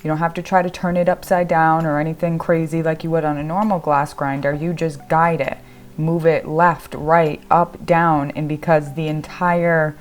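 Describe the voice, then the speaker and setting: A woman demonstrating a stained glass tool in a casual tutorial vlog, explaining as she works and often gushing with excitement. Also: deep voice. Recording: echoey room with faint music.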